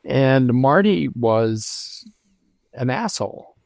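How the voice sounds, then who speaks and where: A man in his seventies, a guest in an interview, telling stories from his career in a reflective, unhurried way with many pauses and restarts. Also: medium pitch, lively intonation, vocal fry, darkish tone, no room sound. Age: 70s. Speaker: lighting designer guest. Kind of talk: conversational interview storytelling.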